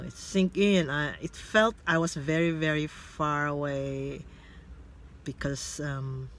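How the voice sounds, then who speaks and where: A middle-aged man with a Filipino accent, recording a casual vlog in his car and telling a personal story in a reflective, halting way with many fillers. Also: on the high side. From Philippines. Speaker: vlogger. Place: parked car.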